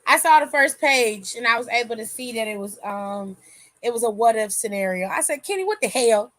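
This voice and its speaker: Woman, high voice, AAVE, casual livestream host, candid and profane, dry room. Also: steady tone, fairly quick, sharp tone, dry recording. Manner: candid, swears freely, laughs often. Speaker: aftershow host reading chat.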